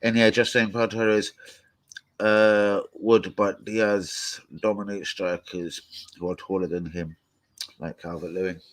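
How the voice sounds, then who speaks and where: A man's voice: fairly low pitch, slow pace, low-quality recording. Sweary man ranting on a live stream. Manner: foul-mouthed, rambling, excitable rants. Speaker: football fan channel host. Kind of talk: live stream answering viewer comments.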